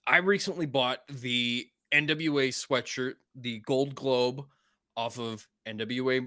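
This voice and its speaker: A man's voice: medium pitch, steady tone, slow pace, pushed and bright, no echo, studio quality. A tired man from Wisconsin co-hosting a podcast, chatting casually and bluntly with lots of swearing. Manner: blunt and profane, storytelling. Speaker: podcast co-host. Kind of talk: casual chat.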